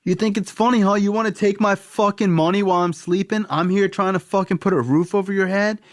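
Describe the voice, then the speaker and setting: Man doing a raging, foul-mouthed dad, high strained yell, dry close sound. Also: fairly even intonation, brisk, no echo, natural voice. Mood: enraged. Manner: yelling, profane, accusing. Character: furious middle-aged father screaming at his son.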